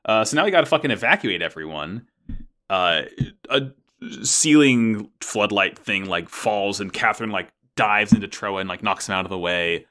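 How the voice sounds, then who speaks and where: A young man chatting about an anime episode, animated, acting out characters' lines and swearing casually. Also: lowish voice, normal speed. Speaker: podcast co-host. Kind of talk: casual anime recap chat.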